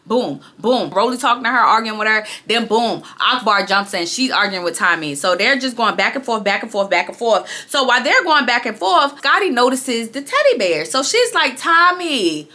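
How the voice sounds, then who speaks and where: A young woman with a bright, fairly high voice talks casually to her viewers as she recaps a show. She is chatty and animated, often repeating phrases and speaking straight to her audience. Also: a little fast, hardly any pauses. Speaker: TV recap vlogger.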